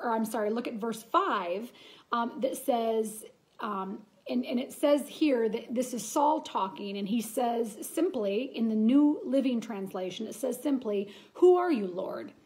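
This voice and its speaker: Brief: woman, fairly high voice, earnest chatty devotional teacher. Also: darkish tone. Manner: earnest, chatty, with frequent restarts and reading aloud. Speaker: Bible study teacher.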